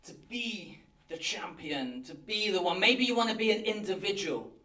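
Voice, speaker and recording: A man, a pastor, preaching a sermon in an earnest, animated way, acting out people's anxious thoughts in a church hall. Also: sits high, normal speed. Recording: roomy hall from a distance.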